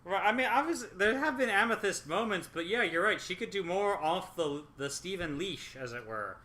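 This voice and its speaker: A man co-hosting a casual review chat, agreeable and measured, often chiming in with agreement. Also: sits high, expressive, sharp tone. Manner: agreeable, measured, chimes in with yeahs. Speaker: podcast co-host reviewer.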